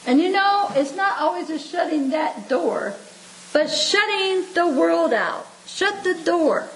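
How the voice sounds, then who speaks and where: A woman in her seventies preaches in a high, bright voice, folksy and homespun. She chuckles between points, repeats herself for emphasis and talks to listeners as if they were family. A faint hum of noise sits under her voice. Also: lively intonation, unhurried, low-quality recording. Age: 70s. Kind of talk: folksy devotional sermon.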